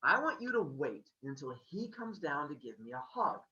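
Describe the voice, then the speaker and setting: A man's voice: on the high side, sing-song, normal speed, bright, forceful tone, roomy sound, far from the mic, lo-fi sound. A man voicing a weary, scheming mother goddess in a plain, matter-of-fact way.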